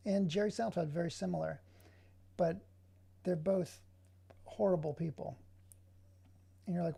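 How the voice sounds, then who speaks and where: Gravelly, husky man ranting while working. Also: high-pitched, normal speed, warm tone. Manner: rambling, sarcastic ranting asides. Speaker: digital artist streaming his work. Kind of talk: casual running commentary while working.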